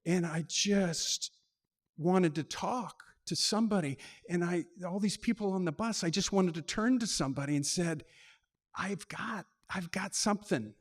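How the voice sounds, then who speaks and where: A man's voice: high voice, normal speed. A man telling a personal story on stage in short, punchy lines, acting out the dialogue.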